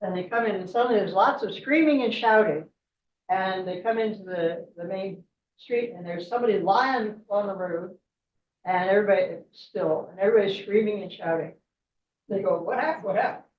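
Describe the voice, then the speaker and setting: A woman's voice: mid-range voice, moderate pace, a little hiss or hum. Woman guest speaker spinning a story, chatty and laughy, far from the mic, kinda muffled. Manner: chatty, laughs often, tags lines with right. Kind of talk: storytelling talk at a club meeting. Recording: echoey room, distant mic, dull sound.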